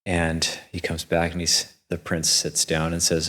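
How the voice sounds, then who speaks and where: Low flat-voiced monk telling a story. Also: male voice. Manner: unhurried, conversational storytelling. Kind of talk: Dhamma talk storytelling. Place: monastery hall.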